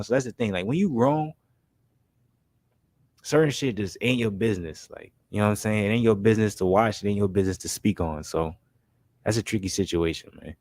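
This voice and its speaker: Low and a little mellow, this young man's voice comes through with no echo as he hosts a basketball commentary stream. He talks to his chat in laid-back slang, repeating "man" and "you know what I'm saying," and acts out made-up scenarios with quick quotes from friends.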